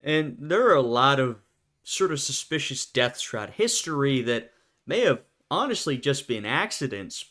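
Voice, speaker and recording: A young adult man hosting a video gives casual commentary on it, thinking aloud with fillers and restarts. His voice is medium in pitch and a bit bright.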